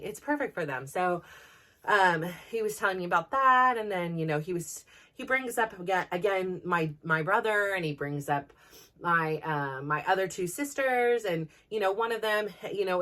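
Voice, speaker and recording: A woman's voice: medium pitch, a bit bright. A woman in her forties, hosting a podcast, venting in a rambling personal monologue full of fillers. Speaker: podcast host.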